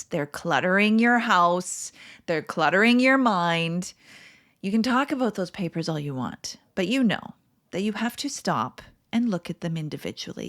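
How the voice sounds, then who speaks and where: A middle-aged woman coach in a reflective monologue, tearful and crying, emotional and halting, with sighs and soft breathy asides. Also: mid-range voice. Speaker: podcast host and coach.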